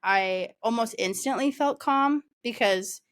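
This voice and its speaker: A woman's voice: a little high, measured pace, fairly bright tone. Chatty young woman podcaster. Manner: chatty, laughs often, many fillers. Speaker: podcast co-host. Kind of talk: casual chat.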